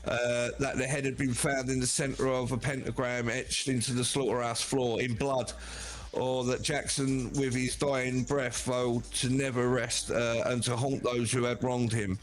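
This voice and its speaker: A man hosting a podcast, reading a horror story off his prompts with frequent "uh" pauses. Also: medium pitch, flat delivery. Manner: halting, many "uh" fillers.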